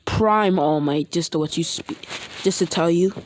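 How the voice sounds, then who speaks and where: A woman's voice: fairly low pitch, normal speed, a little hiss or hum. A woman casually retelling a fan-made story, rambling and hesitant with many restarts.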